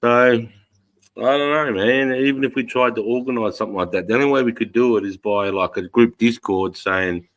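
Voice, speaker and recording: A man's voice: mid-range voice, brisk. An Australian man hosting a casual livestream chat, ranting with heavy swearing. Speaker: livestream host.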